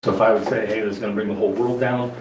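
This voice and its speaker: A man calmly explaining on a reality show, measured and hesitant with frequent restarts. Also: on the low side. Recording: roomy distant clip with noisy background.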